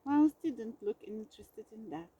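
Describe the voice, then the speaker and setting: Storybook narrator, woman; unhurried, expressive, mellow, dry slightly dull recording. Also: on the high side, breathy edge. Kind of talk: storybook read-aloud.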